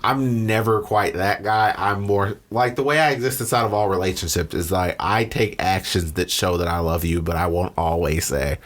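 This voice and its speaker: Podcast co-host, man, lowish voice, laid-back and rambling. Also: moderate pace, few pauses. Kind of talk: casual chat.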